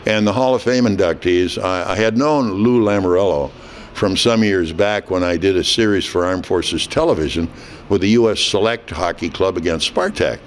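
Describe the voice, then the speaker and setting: Elderly man telling a story, low voice. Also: moderate pace, slight background noise. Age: 80s. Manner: animated anecdote teller, quoting others. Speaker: hockey broadcaster, interviewee. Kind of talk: storytelling interview.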